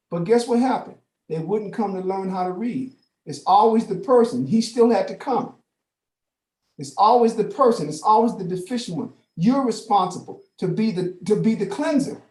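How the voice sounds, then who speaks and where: An older man teaching scripture in a classroom, animated, with frequent profanity and street slang. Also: very high voice, echoey room.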